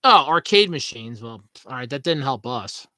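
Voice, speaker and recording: A man's voice: mid-range voice, lively intonation, normal speed, sharp tone, dry recording. A man hosting a podcast in casual, rambling chat, swearing freely and laughing at his own jokes. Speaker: podcast host.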